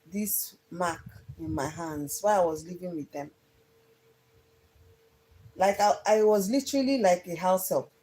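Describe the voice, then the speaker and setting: A woman's voice: fairly low pitch, dark tone, poor audio. A young woman earnestly telling her life story to viewers on a phone livestream, often repeating herself. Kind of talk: casual personal storytelling on a livestream.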